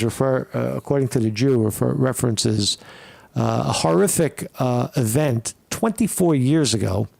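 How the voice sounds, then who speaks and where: Give me a man with a rough, creaky voice, rambling through casual video commentary, recorded dry and close. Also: mid-range voice, darkish tone, no room sound. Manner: rambling, profane, many fillers and restarts.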